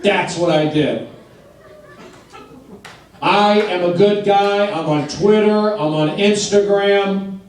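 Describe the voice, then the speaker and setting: A high-voiced man doing a stand-up set in a comedy club, self-mocking and blunt, firing off short repeated lines at a slow, deliberate pace. The recording is distant and boomy, with a wash of room echo and steady background noise. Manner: blunt, self-deprecating, repetitive short sentences. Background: audience laughter.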